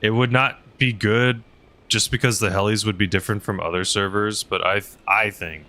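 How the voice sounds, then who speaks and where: A man's voice: lowish voice, fairly even intonation, normal speed, sharp tone. A young man streaming a game, chatting casually while he flies and reads chat, rambling with lots of fillers. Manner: rambling, filler-heavy, laughs often. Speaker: streamer flying a helicopter.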